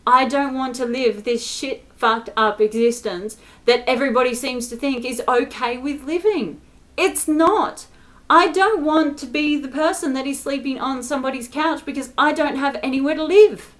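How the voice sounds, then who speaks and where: A woman's voice: sits high, a bit bright. A woman in an angry, exasperated rant to camera, swearing often and stressing her words. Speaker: spiritual vlogger.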